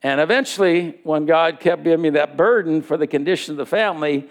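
High, gravelly-voiced male preacher. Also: brisk. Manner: storytelling that acts out dialogue. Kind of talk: sermon.

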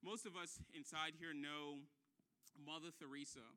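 A male pastor delivering a sermon in a high, very bright voice. He leans on repetition and chatty asides to his congregation. He swells from hushed, intimate moments into loud, impassioned preaching. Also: steady tone, a little slow, smooth. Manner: repeats phrases for emphasis, conversational asides.

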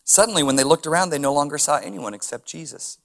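Reading scripture and then breaking into chuckling asides and rhetorical questions, this male pastor gives a relaxed, conversational sermon. His gravelly voice sits somewhat higher than the typical man's, and he talks fast.

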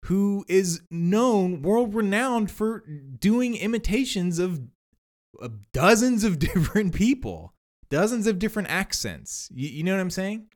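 A man co-hosting a podcast, speaking in a halting, frustrated way and repeating himself. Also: sits high, big pitch swings, a little mellow. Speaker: podcast co-host. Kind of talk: casual discussion.

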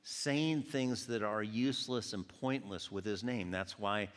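A man from Georgia preaching a sermon, telling animated stories and acting out quoted voices. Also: on the low side, unhurried. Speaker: pastor. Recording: long hall reverb.

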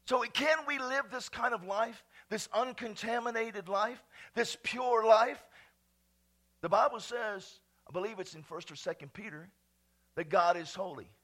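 A man pastor preaching a sermon, dropping to quiet asides and then rising to loud, ringing exclamations. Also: high voice, measured pace.

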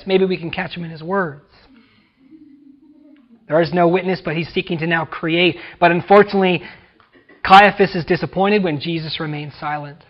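A high-pitched American man delivers a sermon as pastor. He talks with dramatic emphasis and acts out the people he quotes. The recording sounds dull and lo-fi. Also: fairly even intonation, moderate pace. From United States.

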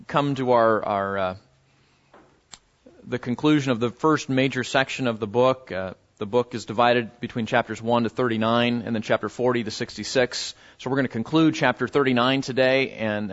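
A pastor preaches a sermon conversationally, full of fillers and repeated words. When he quotes biblical figures, he gives them voices with sudden high jumps in pitch. The audio sounds dull.

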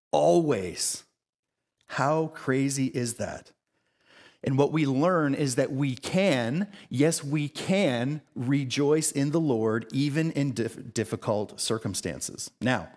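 Pastor preaching with casual emphatic repetition. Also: male voice, medium pitch. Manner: casual asides with slang and brief laughs. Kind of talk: sermon.

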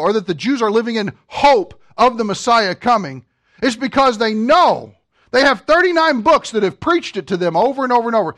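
A high-pitched man delivers a sermon from the pulpit. He teaches with emphatic swings from loud to hushed and keeps putting questions to the congregation. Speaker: pastor.

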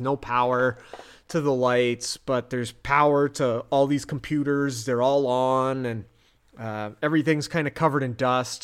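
A man, a podcast host casually retelling a TV episode, chatty with quick acted-out quotes. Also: medium pitch, smooth.

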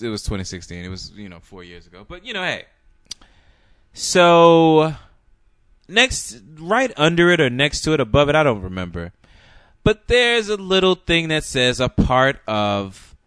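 A man co-hosting a podcast in casual chat, animated and profane, rambling with frequent restarts. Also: mid-range voice, unhurried, clean tone, no room sound, studio quality. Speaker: podcast co-host.

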